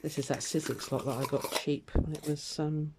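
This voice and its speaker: A woman's voice: low-pitched, fairly even intonation, normal speed, background noise. An older woman, chatting casually in a rambling way while doing her sewing, full of fillers and little laughs. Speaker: craft vlogger. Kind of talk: casual chat while stitching.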